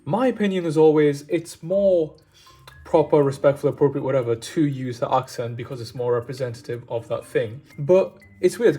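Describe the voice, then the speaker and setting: A man's voice: medium pitch, mellow. A man chatting casually and enthusiastically as he cooks, wandering off on tangents. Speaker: cooking vlogger. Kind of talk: casual cooking chat.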